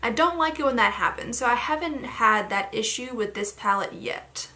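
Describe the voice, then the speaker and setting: A young woman chatting casually through a makeup tutorial, rambling with lots of fillers and a slightly hoarse throat. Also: fairly high pitch, lively intonation, normal speed, pushed and bright. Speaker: beauty vlogger.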